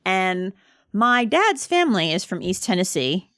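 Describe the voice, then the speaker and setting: A woman chatting on a podcast, her pitch swinging high and low as she tells a story. She laughs through her words, and the sound is dry and close to the mic. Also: very animated, a little slow, a bit bright, dry recording. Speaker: podcast co-host. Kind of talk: casual chat.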